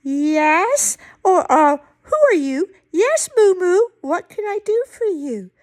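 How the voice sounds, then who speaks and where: A woman's voice: very high-pitched, animated, slow, a little mellow, full character voice. Give me a woman voicing a polite horse puppet, obliging and friendly.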